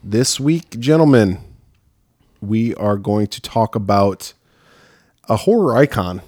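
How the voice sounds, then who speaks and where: Rambling low-voiced male podcast host. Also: animated, takes it slowly, a little mellow, no echo, clean studio sound. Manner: rambling, many fillers. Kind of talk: casual chat.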